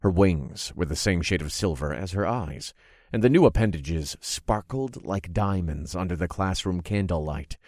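A man narrating a fantasy audiobook in the first person, expressive and acting out his own reactions. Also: low-pitched, normal speed, no echo, clean studio sound. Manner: expressive, groaning and cursing in character.

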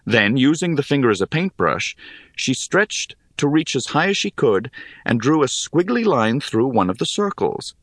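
A man reading a story aloud in measured, expressive narration. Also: medium pitch, no echo, clean studio sound. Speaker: audiobook narrator. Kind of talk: scripted narration.

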